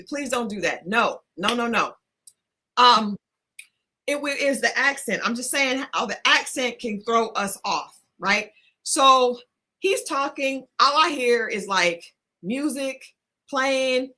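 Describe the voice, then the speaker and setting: A woman co-hosting a talk show, telling a story in a casual, animated way, laughing often and restarting her sentences. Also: high-pitched. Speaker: podcast co-host.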